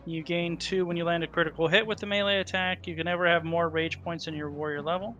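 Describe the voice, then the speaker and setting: Male tabletop player, bright tone, casual rules chatter. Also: fairly high pitch, fairly even intonation, quick pace, lo-fi sound. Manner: chatty, checks rules aloud. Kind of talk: casual tabletop game chat.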